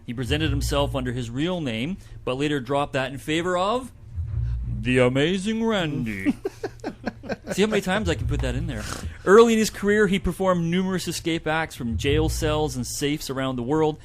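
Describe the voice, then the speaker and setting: A man's voice: fairly high pitch, a little fast, few pauses. A man co-hosting a community radio show, reading a report aloud with light asides. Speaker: co-host presenting a report.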